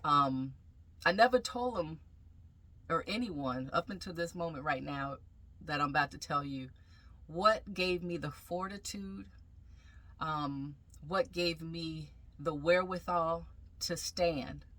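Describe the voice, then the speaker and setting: A woman with a bright, clear voice that sits slightly low, telling a deeply personal story. She speaks reflectively and haltingly, stopping often to gather her thoughts. Her tone is intimate and earnest, like a vlog confession. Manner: reflective, halting, with frequent pauses and fillers. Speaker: vlogger sharing a personal testimony.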